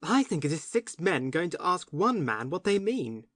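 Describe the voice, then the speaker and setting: A woman's voice: low-pitched, very animated, no echo, studio quality. A woman reading an earnest young man. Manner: quick, earnest. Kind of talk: audiobook narration.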